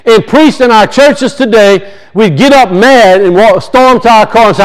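Male preacher, very high voice, impassioned sermon delivery, repeats his points, swings between loud and hushed. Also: normal speed, smooth, rough recording. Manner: impassioned, repetitive, rising and falling emphasis. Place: church.

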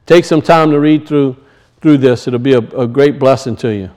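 A man's voice: medium pitch, moderate pace, darkish tone, rough recording. A man preaching a sermon to a congregation, emphatic and repetitive, calling out to his listeners for a response.

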